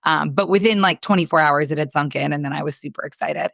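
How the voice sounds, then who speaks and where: A woman's voice: sits low, quick pace, gravelly, fairly bright tone, no room sound, studio quality. A woman in her thirties, a podcast co-host, telling a story in casual chat, candid and swearing freely as she acts out dialogue. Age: 30s.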